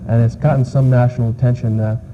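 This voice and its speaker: Speaking quickly in a mid-range voice with little pitch movement, this New York English teacher responds to interview questions. His delivery is hesitant and packed with uh and um. A faint hiss runs under the muffled archival TV recording.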